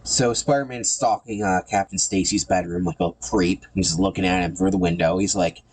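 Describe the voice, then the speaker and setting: Low-voiced sarcastic man. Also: fairly quick. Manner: sarcastic, irreverent, with frequent repeated words. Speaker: comic book reviewer. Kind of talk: casual commentary.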